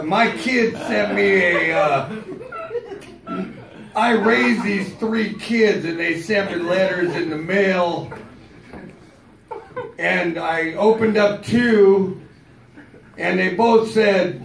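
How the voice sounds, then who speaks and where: Slow, gravelly man in his fifties. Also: high-pitched, slight background noise. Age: 50s. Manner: slow deadpan storytelling, swearing, rising to shouted punchlines. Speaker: stand-up comedian. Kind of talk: stand-up comedy set. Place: comedy club stage. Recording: roomy club sound from a distance. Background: audience laughter.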